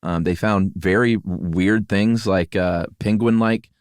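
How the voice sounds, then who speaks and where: Deep-voiced man co-hosting a podcast. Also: unhurried, no room sound, studio quality. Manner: relaxed, laughs often, many fillers. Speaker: podcast co-host. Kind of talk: casual conversational podcast chat.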